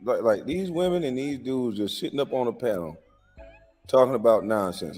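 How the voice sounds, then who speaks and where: A man's voice: mid-range voice, sing-song, normal speed, a little mellow, breathy edge, in a large hall, faint music behind. A man hosting a livestream, reacting to clips in a casual, incredulous and lecturing way with lots of rhetorical questions. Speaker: livestream host.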